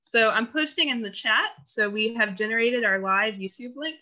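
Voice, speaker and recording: A woman organizer giving casual announcements on a video call, bubbly with lots of "um"s. Her voice is high and bright. The audio is dull and lo-fi, like a compressed call. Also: moderate pace. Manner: bubbly, with many "um"s. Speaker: event organizer.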